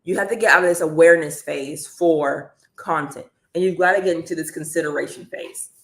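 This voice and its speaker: Energetic woman live-streaming in an echoey room. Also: deep voice, a little fast. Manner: energetic, chatty, addresses viewers as y'all. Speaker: online business coach.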